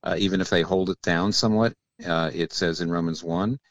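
Very low male voice, dry close sound; a thoughtful theologian who lectures gently while being interviewed. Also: steady tone, no echo, dull audio. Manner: measured, teacherly, often drops to a quiet aside. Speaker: theologian guest. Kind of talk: explanatory interview talk.

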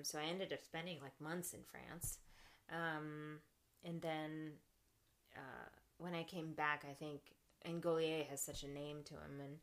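A young woman talking in a casual podcast interview, animated, laughing often and acting out her own thoughts. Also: low-pitched. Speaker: podcast guest, actress and clown.

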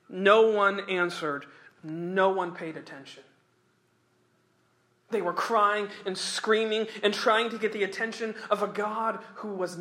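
A man preaching a sermon and reading scripture aloud, emphatic, slowing down for weight and chuckling between points. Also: high-pitched, bright, forceful tone.

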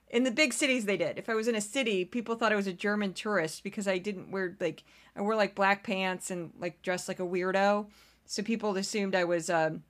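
A woman's voice: mid-range voice, bright, forceful tone. An American woman hosting a casual solo podcast, chatty and rambling, laughing often into a home microphone. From United States. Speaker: podcast host.

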